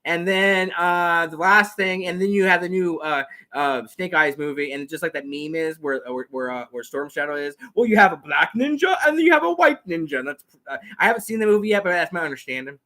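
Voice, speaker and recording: Brief: talkative male host, rambling and quick, bright tense tone, slightly high. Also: expressive. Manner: rambling, repeats words, talks fast. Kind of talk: casual chat.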